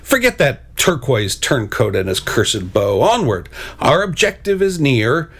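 A man's voice: mid-range voice, big pitch swings, a little slow, a bit bright, slightly rough, full character voice. A man voicing a pompous, boastful male bird knight in a storybook reading, speaking in grand, declamatory phrases.

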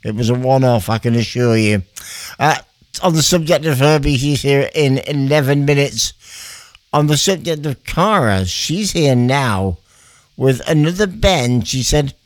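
A man's voice: medium pitch, expressive, a little slow, no echo. A middle-aged man, presenting on the radio in a rambling, amused, chatty way. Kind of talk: casual radio chat between songs. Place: radio studio.

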